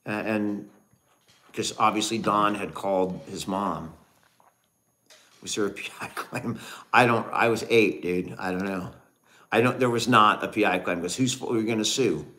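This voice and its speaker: A man's voice: lowish voice, moderate pace, bright, forceful tone. A middle-aged man co-hosting a casual livestream, telling a family story and thanking viewers. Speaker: livestream co-host.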